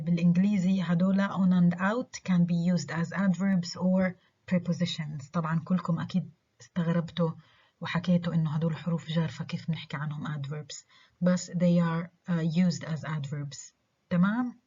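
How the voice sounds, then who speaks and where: A woman with a Levantine Arabic accent, a native Arabic speaker, giving a recorded online university lecture, repeating each example slowly and mixing English with Arabic. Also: on the low side, a little mellow, slightly rough, highs cut off. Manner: switches between English and Arabic, slow careful repetition of examples.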